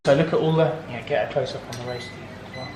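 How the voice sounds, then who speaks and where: A man's voice: medium pitch, fairly even intonation, quick pace, a little mellow, slight background noise. A man at a dinner gathering, chatting in a matey, casual way. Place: busy kitchen at a dinner gathering. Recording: roomy, with the mic off at a distance.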